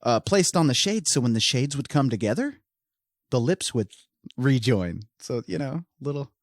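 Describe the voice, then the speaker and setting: A man's voice: medium pitch, normal speed, dry recording, studio quality. A man co-hosting a casual true-crime podcast, telling the story with plenty of jokes and laughter. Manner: joking and laughing often, animated. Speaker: podcast co-host.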